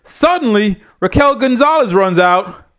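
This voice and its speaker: A high-voiced man reviews a wrestling show in a profane, exasperated rant. He talks bluntly and swears constantly, piling up his complaints. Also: animated, a little slow, fairly bright tone.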